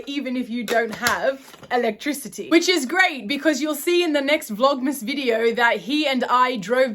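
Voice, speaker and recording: A young Australian woman with a high, fairly bright voice chats enthusiastically in a vlog about her gifts. Her accent isn't typically Australian and sounds somewhat British. She's chatty, making small self-corrections as she goes.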